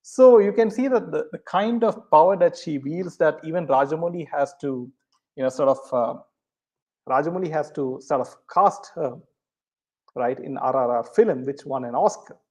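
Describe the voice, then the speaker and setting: A man's voice: fairly high pitch, moderate pace, darkish tone. A man hosting a casual live chat, reading viewer comments, full of ums and uhs and often ending points with "right?". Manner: hesitant, many ums and uhs; rhetorical, ends points with "right?".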